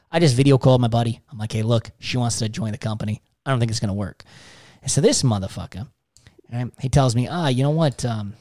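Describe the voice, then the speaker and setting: A man telling a story in casual chat, swearing often and animated. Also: medium pitch, no room sound, clean studio sound. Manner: profane, animated storytelling with frequent cursing. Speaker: podcast guest telling a story.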